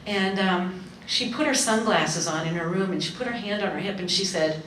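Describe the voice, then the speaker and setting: A woman panelist telling lively family anecdotes to an audience, acting out the quotes. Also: medium pitch, normal speed, a little hiss or hum. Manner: lively storyteller, acts out quotes. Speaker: workshop panelist. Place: community seminar hall. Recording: echoey hall, mic far off.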